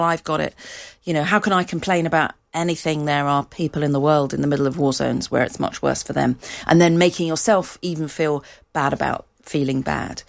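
A woman speaking as an interview guest, explaining research in a measured, conversational way. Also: deep voice, creaky. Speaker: guest expert.

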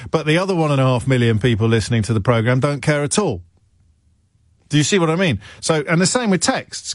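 Wry, chatty radio host. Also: male voice, medium pitch, no echo, clean studio sound. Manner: chatty, wry, digressive, self-mocking asides. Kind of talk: talk radio monologue. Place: radio studio. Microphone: studio microphone.

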